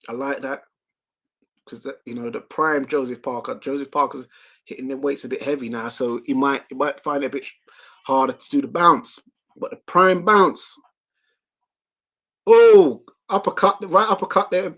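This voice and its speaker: A young man hosting a live watch-along, giving excitable play-by-play of a boxing match and reading out viewer comments. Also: on the high side. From United Kingdom.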